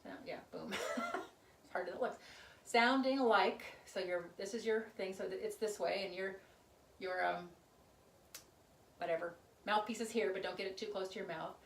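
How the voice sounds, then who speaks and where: A woman's voice: medium pitch, steady tone, normal speed, long pauses, slight background noise. A woman casually teaching chorus choreography, chatting and half-singing lyrics as she demonstrates moves. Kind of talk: casual dance instruction. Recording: roomy, recorded from a distance.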